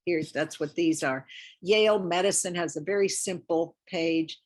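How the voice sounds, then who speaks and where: A fairly low-pitched woman's voice, a little slow, belongs to an older lecturer discussing lymphedema at a community health talk. In the community center lecture room she stays chatty and encouraging, often saying things twice for emphasis.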